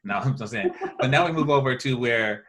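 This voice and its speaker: A man talking casually as a guest on a podcast, animated and often repeating words as he thinks. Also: mid-range voice, fairly quick. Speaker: filmmaker guest.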